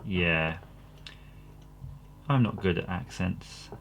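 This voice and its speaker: A man's voice: mid-range voice, expressive, unhurried, gravelly, fairly bright tone, slight background noise. A man hosting his own channel, assembling an electronics kit while chatting casually and poking fun at himself. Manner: rambling and self-deprecating. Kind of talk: casual workbench commentary.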